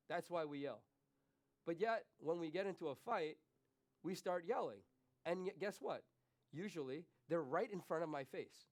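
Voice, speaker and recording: In a church, a male pastor delivers a sermon, shifting between soft, confessional asides and loud, forceful questions aimed at the congregation. His voice sits somewhat high and he speaks at an ordinary pace.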